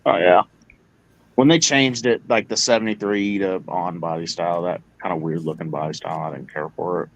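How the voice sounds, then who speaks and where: Man, casual call, rambling, low voice, trails off. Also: steady tone, brisk, low-quality recording. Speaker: livestream participant. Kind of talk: casual group chat.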